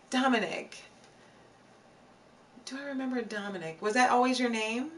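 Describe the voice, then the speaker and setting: A woman's voice: on the high side, a little slow, distant mic. A woman hosting a live stream, chatting casually with viewers in a playful, giggly way, reading their comments aloud and repeating phrases for emphasis.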